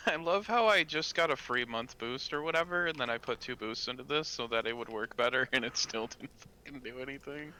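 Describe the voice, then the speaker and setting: A man's voice: mid-range voice, fairly quick, pushed and bright, poor audio. A young man playing a tabletop game over voice chat, joking around and swearing. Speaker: player. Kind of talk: casual chat on voice call.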